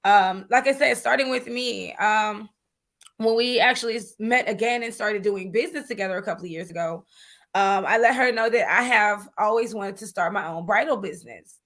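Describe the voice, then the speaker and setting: Woman, chatty interview guest, lively storyteller, says honey, many fillers. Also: mid-range voice, moderate pace. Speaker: guest entrepreneur. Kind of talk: animated interview talk.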